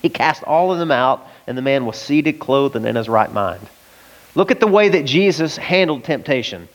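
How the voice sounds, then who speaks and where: A man from the American South preaching a lively, conversational sermon and often asking his listeners questions. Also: mid-range voice, normal speed, low-quality recording.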